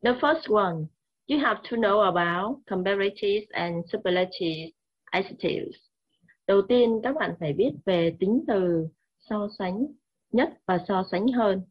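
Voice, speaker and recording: A woman with a Vietnamese accent teaching English grammar slowly and repeating key words. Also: medium pitch, lively intonation, lo-fi sound. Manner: slow, repetitive, mixes languages. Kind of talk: classroom grammar lesson.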